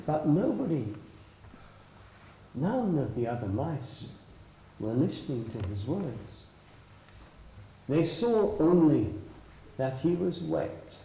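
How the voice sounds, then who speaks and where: A man's voice: on the high side, very animated, slow, pauses often, mellow. A man telling a traditional story live at a festival, dramatic and swooping, drawing out his words. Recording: roomy live hall with faint noise.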